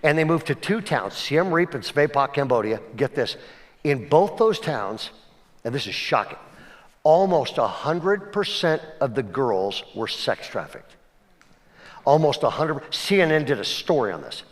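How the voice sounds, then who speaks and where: A male pastor giving a conversational sermon, swinging between emphatic and hushed delivery and often checking in with his listeners. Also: mid-range voice, very animated, unhurried. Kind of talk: sermon storytelling.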